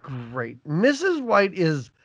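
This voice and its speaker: A podcast host chatting casually about a film, with relaxed, quick asides. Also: mid-range voice, dull audio. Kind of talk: casual chat.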